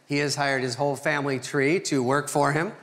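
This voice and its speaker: Deadpan middle-aged comedian in a hall. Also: male voice, mid-range voice. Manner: dry, deadpan, pausing for punchlines. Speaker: comedian roasting a friend. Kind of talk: stand-up roast speech. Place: theater stage at an award ceremony. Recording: reverberant hall, noisy live recording.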